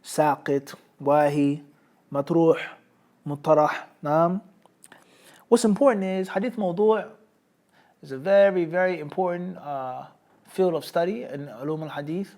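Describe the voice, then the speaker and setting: A man teaching a hadith studies lesson in English, his voice sitting a little high for a man. He explains with everyday examples, peppers his talk with Arabic terms and keeps checking in with his students. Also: a little slow, pauses often, a little mellow. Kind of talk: Islamic studies lecture.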